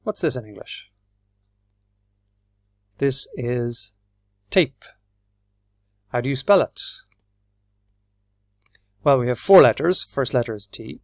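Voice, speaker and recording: A man with an Irish accent teaching English, explaining patiently and clearly and spelling words out letter by letter. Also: medium pitch, lively intonation, slow, pauses often, no room sound, clean studio sound. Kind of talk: slow, clear classroom explanation.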